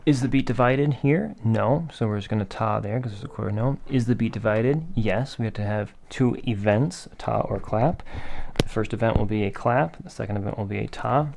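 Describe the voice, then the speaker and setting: A man's voice: fairly low pitch, normal speed, vocal fry, a little mellow, a little hiss or hum. A man teaching a rhythm lesson in a patient, methodical way, asking questions and then answering them himself. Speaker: music teacher.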